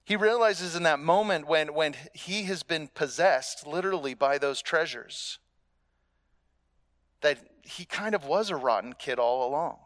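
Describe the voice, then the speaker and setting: A man's voice: a little high, a little slow, fairly bright tone, no echo. A man preaching a sermon in a conversational, emphatic way, asking the listeners rhetorical questions and repeating his key phrases. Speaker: pastor.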